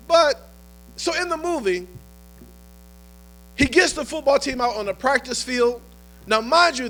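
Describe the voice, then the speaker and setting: A man preaching a sermon as pastor, telling a story and building to impassioned shouts. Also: extremely high pitch.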